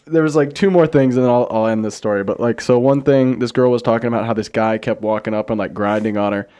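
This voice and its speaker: A young man from Ohio, a podcast host telling a story in casual chat, animated and laughing often. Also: medium pitch, quick pace, smooth. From Ohio, USA.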